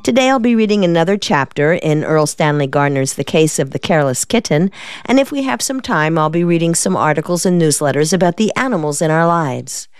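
A woman hosting a reading program, narrating an audiobook in a calm, measured way. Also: deep voice, smooth, no room sound, studio quality. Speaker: program host and reader.

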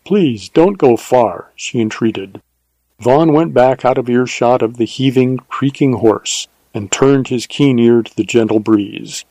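A man reading a Western novel aloud in measured, even audiobook narration. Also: mid-range voice, no room sound, rough recording.

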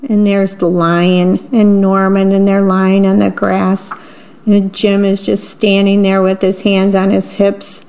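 A woman's voice: mid-range voice, completely flat delivery, measured pace, a little mellow. A woman reading picture books aloud and describing the pictures between the lines. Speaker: reader. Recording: dull lo-fi recording.

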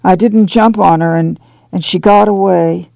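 A man's voice: high-pitched, steady tone, measured pace, creaky, a little mellow, no echo. A man voicing a remorseful, weary middle-aged farmer who speaks in a sad, guilt-ridden drawl. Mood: sorrowful.

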